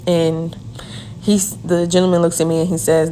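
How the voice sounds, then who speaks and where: A woman telling a personal story in an earnest way, with quick repeated phrases. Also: fairly low pitch, little pitch movement, mellow, a little hiss or hum. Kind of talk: emotional first-person storytelling.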